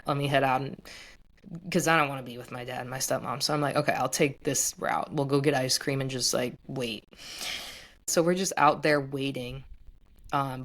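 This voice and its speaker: A young woman in her twenties casually retelling a personal story, full of "like" fillers. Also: a bass voice. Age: 20s. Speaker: guest.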